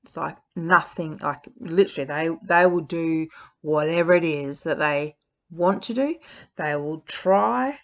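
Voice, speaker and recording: A woman's voice: deep voice, a little slow, fairly bright tone. A woman giving frank relationship advice in a casual talk, speaking bluntly with frequent fillers.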